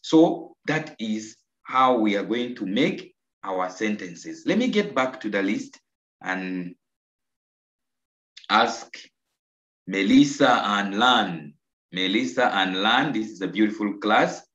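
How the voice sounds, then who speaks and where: A Ugandan man teaching an online English lesson, slow and coaxing, repeating answers and praising his pupils. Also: fairly low pitch, expressive, fairly bright tone. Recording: roomy, dull lo-fi video call audio.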